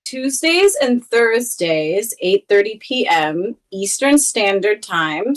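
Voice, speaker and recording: Young woman, casual streamer chat, filler-heavy, playful, fairly high pitch. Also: fairly bright tone. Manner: chatty, many "like" fillers, playful. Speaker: Twitch streamer, guest.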